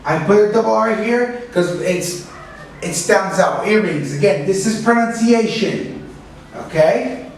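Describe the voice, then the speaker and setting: A man teaching a pronunciation lesson, speaking slowly and carefully and repeating each word for practice. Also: high voice, a little hiss or hum. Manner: slow, careful, repeats words for drilling. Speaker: English teacher. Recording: echoey room, mic at a distance.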